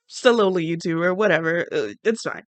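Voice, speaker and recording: A woman's voice: fairly low pitch, dry recording. A woman giving blunt, rambling, sassy commentary on a reality show. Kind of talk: casual reaction commentary.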